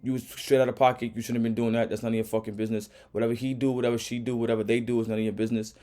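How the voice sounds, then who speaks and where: A young man talks fast in a blunt, profane rant as he reacts to a clip. His voice is mellow and dark in tone, and he keeps it casual and heated. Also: mid-range voice, flat delivery. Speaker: reaction video host.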